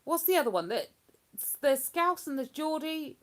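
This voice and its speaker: A woman's voice: high-pitched, big pitch swings, moderate pace. A woman hosting a livestream in casual, rambling chat. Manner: rambling, chatty, breaks into hummed tunes. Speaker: livestream host.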